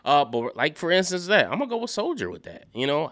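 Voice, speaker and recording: A man's voice: on the high side, wildly swooping pitch, fast talker, a bit bright. A man giving casual solo commentary, thinking aloud and rambling with many fillers and restarts.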